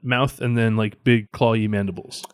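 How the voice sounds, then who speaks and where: A man narrating as game master of a tabletop game, describing scenes in a relaxed way. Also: fairly low pitch, moderate pace, clean tone, no room sound, clean studio sound.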